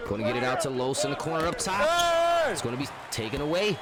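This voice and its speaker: Excitable male commentator over loud game noise. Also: medium pitch, fast talker, a loud crowd. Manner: excitable, chatty, jokes and argues with the refs. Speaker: play-by-play commentator. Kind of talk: live sports commentary over a video game.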